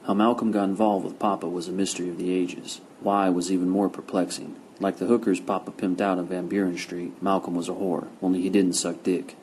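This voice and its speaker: A man narrating a first-person crime novel with steady, gritty storytelling. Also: low-pitched, brisk, hardly any pauses, a little hiss or hum, poor audio. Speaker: audiobook narrator.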